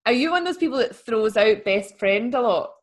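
A young woman co-hosting a podcast over a video call, talking in a playful, animated way and laughing while she speaks. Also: fairly high pitch, a little fast. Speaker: podcast co-host. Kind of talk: casual chat.

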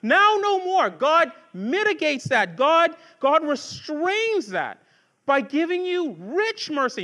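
Preaching to his congregation, this pastor has a very high, bright, and forceful voice with a sing-song lilt and a slow pace. He starts conversationally, with asides and restarts, then rises into fervent rhetorical questions.

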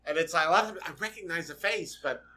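A man with a high, bright voice co-hosts a casual podcast recap of an old sitcom. He chimes in constantly with short agreements and echoes his partner's lines back. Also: fast. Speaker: podcast co-host.

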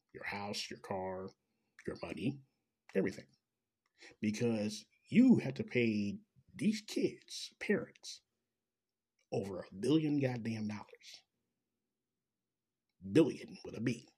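A man's voice: lowish voice, a little mellow, slightly rough. A man delivering an angry, profane, sarcastic rant straight to the listener. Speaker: commentator. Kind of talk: ranting commentary.

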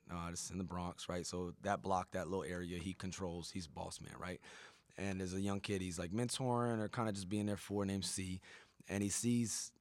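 A man's voice: low voice, no room sound. A man hosting a podcast in casual chat, rambling and profane, often tagging his points with "right?". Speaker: podcast host.

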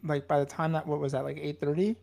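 A man in his late thirties co-hosting a podcast, telling a story in a relaxed way and laughing often. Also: a little high, fast talker, gravelly. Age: late 30s. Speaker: podcast co-host. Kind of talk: casual podcast chat.

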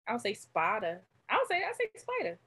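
A woman's voice: extremely high pitch, huge pitch swings, rapid-fire, sharp tone. A woman with a Maryland accent in casual chat, teasing and laughing often. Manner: teasing, laughs a lot, drawling.

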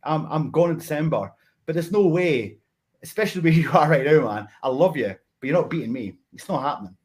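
Friendly, confident man, slightly high. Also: expressive, a little fast, a little mellow. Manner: friendly but confident, teasing. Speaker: wrestler guest. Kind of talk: casual podcast chat.

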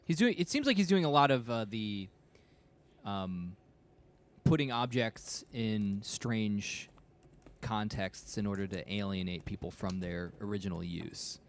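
A man's voice: on the low side, lively intonation, unhurried. A laid-back man on a video call discussing a novel, often searching for the right word. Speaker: book club member.

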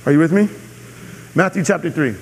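High-voiced preacher in a reverberant hall. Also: male voice, brisk, a little hiss or hum. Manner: emphatic, repeats key phrases, asks audience "are you with me". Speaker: pastor. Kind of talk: sermon.

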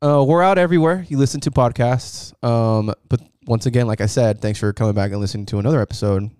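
A man's voice: mid-range voice, quick pace, a little mellow, clear, resonant tone, dry recording. Young male podcast co-host, loose and jokey, dry close mic. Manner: joking, laughs often, tries impressions. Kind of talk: casual chat.

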